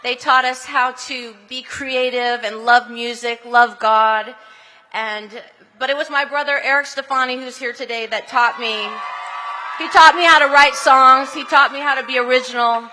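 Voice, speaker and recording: A woman's voice: sits high, fairly even intonation, normal speed, sharp tone, in a large hall, slight background noise. A woman from California giving a chatty, heartfelt acceptance speech at an outdoor ceremony, laughing often and turning tender as she thanks people. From Anaheim, California. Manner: chatty and giggly, with breathy laughs; tender and emotional in the thank-yous.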